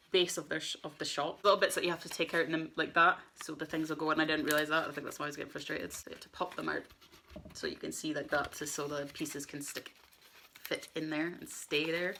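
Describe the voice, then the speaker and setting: A woman in her twenties with a low, gravelly voice, talking her way through a building project. She chats casually, gets flustered fast and mutters half to herself. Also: pushed and bright, slight background noise. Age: 20s. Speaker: vlogger. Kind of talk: casual chat while building a model set.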